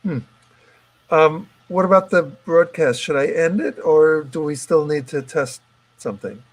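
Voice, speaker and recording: A man's voice: fairly high pitch, unhurried, poor audio. A man hosting a video call, hesitantly testing microphones and the broadcast with his team. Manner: hesitant, many restarts and fillers. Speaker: host running the broadcast. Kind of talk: casual video-call tech check.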